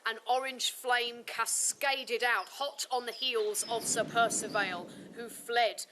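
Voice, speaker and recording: A woman narrating a folk tale in a lively, expressive way. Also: a little high, slow pace, a little hiss or hum, rough recording. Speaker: storyteller. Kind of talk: live storytelling narration.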